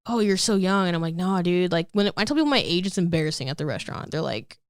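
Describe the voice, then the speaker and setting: Woman in her 30s, comedian podcast guest, dry close sound, quick swearing chatter. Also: fairly low pitch, lively intonation, no room sound. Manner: rambling, candid, peppered with "like" and swearing. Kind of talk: casual podcast interview.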